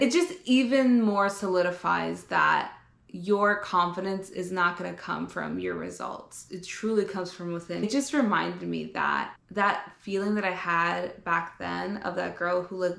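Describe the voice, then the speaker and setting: A young woman who works as a fitness vlogger and coach reflects on her journey in a personal vlog, sounding candid and earnest. Her voice sits on the low side, gravelly with a fairly bright tone, and the room is echoey. She keeps it casual, with frequent fillers and the odd swear word.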